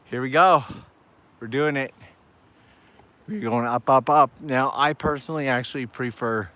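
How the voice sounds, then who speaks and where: Chatty guy live streaming on a walk, climbing steps outside, easy mid-pitched voice. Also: moderate pace, bright, forceful tone, a little hiss or hum. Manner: upbeat and chatty, talking to viewers as he walks and climbs. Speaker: travel vlogger hosting a live stream. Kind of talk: casual live-stream chat while walking. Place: outdoors on hillside streets and shrine steps.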